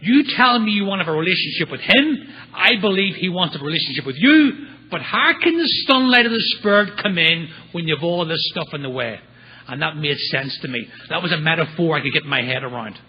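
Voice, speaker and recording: A man's voice: on the high side, fairly quick, slightly rough, muffled recording. A man speaking at a recovery meeting, telling his story with humor and acting out the voices of people in it. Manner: animated storyteller acting out quotes.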